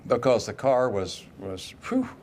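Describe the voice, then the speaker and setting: An older man as an interview guest, telling folksy stories and acting out quoted lines in lively voices. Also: medium pitch, unhurried, slight background noise. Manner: folksy anecdotes, quoting others in lively voices. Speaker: interview guest, retired racing driver. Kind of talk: casual storytelling interview.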